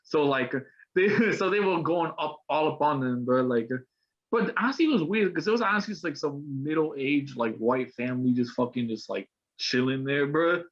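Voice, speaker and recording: A young man with a fairly high voice rambles through a laid-back podcast chat, stacking slang and fillers. He is on a video call, and the audio is dull and muffled. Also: moderate pace. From Colombian roots. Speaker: podcast host. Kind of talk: casual chat.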